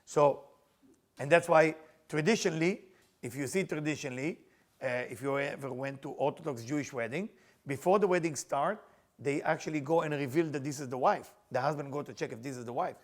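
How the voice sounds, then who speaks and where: Emphatic, high-voiced male teacher. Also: fairly quick. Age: middle-aged. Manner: animated, emphatic, non-native grammar. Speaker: Kabbalah teacher. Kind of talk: storytelling lesson.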